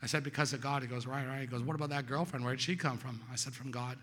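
A man's voice: steady tone, fast, husky. A man sharing his story at a recovery meeting in a casual, conversational way, checking in with the audience and acting out the voices of people he quotes. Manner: conversational, storytelling, asks "right?" often; acts out quoted voices, louder and higher. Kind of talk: personal testimony talk. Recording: hall reverb.

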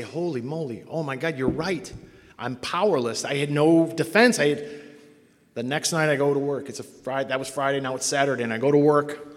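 A middle-aged man telling a story to an audience, animated and self-mocking, acting out other people's voices in his quotes. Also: medium pitch, in a large hall. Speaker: speaker sharing a recovery story.

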